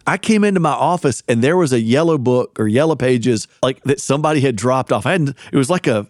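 Male podcast co-host, mid pitch, dry studio sound, chatty advice-giver. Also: expressive, fairly quick, no echo. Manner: explains at length, gives business advice. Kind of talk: casual chat.

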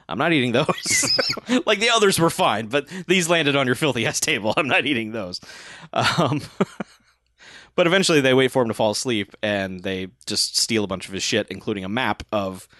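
A man's voice: medium pitch, lively intonation, a bit bright, no echo, studio quality. A man casually recapping a film on a podcast, laughing often and acting out bits of dialogue. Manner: laughs often, acts out film lines in quick voices. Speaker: podcast co-host. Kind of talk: casual movie recap chat.

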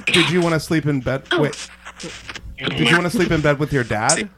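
A man's voice: on the high side, moderate pace. A man co-hosting a paranormal session, putting questions to the spirit again. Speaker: co-host. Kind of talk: casual paranormal session chat. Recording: loud background noise.

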